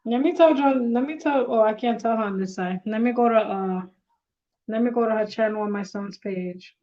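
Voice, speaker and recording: A woman hosting a casual live stream, excitable and quick to laugh, flustered as she works out the tech on her tablet. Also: fairly high pitch, lo-fi sound. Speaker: livestream host.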